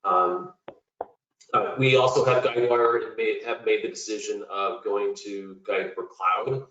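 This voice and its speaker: A man's voice: lowish voice, fairly even intonation, measured pace, fairly bright tone. A man, a technology executive, introducing himself on an online panel in a matter-of-fact way. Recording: roomy, distant, muffled call audio.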